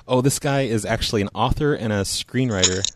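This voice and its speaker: Lower-voiced male host, relaxed and halting banter. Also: no room sound. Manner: hesitant, fillers and restarts, chuckling. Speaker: prank call show host. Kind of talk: casual banter.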